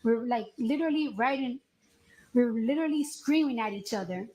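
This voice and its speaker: A woman testifying as a witness at trial, telling her story in an animated, emphatic way. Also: a little high, normal speed. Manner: animated storytelling, voice rises when she recounts the argument. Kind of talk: courtroom testimony. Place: courtroom. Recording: echoey courtroom audio.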